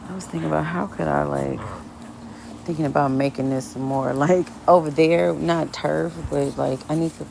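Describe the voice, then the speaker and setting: A woman who runs a dog rescue, chatting casually on a live stream in her backyard, switching between high baby talk to the dogs and a relaxed tone for viewers. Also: normal speed, gravelly, slight background noise. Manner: drops to a low, relaxed tone when explaining to viewers. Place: outdoor backyard. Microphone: phone.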